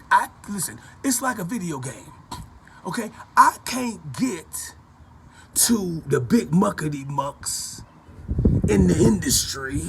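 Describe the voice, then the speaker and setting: A man delivering a loud, rambling, profane rant to camera in a preachy tone, repeating himself as he goes. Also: high voice, creaky, a little hiss or hum. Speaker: vlogger.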